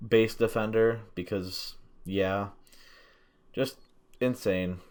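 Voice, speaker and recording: A tired young man talking through his own tank game in a flat, monotone commentary, swearing now and then. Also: lowish voice, takes it slowly. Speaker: gameplay commentator. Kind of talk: gameplay commentary.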